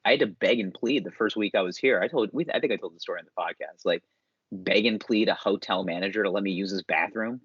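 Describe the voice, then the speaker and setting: Husky young dude rambling on a podcast, low voice, dry lo-fi sound. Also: male voice, a bit bright, no room sound. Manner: rambling, swearing, quick to laugh. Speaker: podcast co-host. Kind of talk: casual chat. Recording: dull, dry, lo-fi podcast mic.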